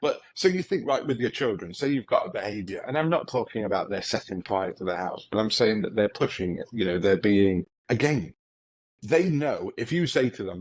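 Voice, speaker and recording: A man's voice: lowish voice, animated, moderate pace, breathy edge, rough recording. A man with a British accent, co-hosting a casual conversation and using dry humor with mock dialogues. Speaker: podcast co-host.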